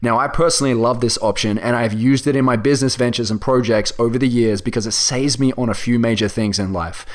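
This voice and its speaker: A man's voice: medium pitch, steady tone, quick pace, few pauses. An Australian man hosting a podcast, reading an ad and opening an interview in an upbeat, salesy way. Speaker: podcast host.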